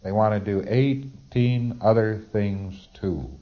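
A man's voice: lowish voice, steady tone, slow. A man giving a recorded lecture, explaining procedures step by step and acting out little dialogues, on a dull lo-fi tape recording.

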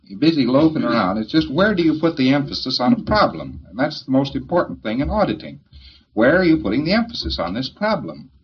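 Husky man giving a folksy lecture. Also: mid-range voice, sing-song, a little fast, dull audio. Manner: folksy, joking, rambling. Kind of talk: informal lecture to an audience.

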